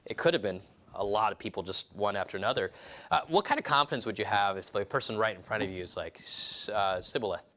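A man's voice: on the low side, a bit bright. A male pastor giving a casual, rambling sermon with many restarts and asides, acting out quoted voices.

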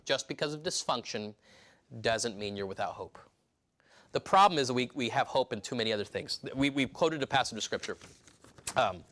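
A pastor preaching a sermon in church, emphatic, with repeated restarts and rhetorical questions. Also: male voice, mid-range voice, pushed and bright.

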